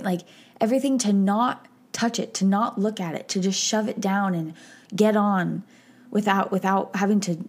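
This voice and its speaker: With a lowish, darkish voice, a woman hosting a podcast shares reflective, personal thoughts at a slow pace. Emotion wells up as she speaks, and at times she becomes tearful.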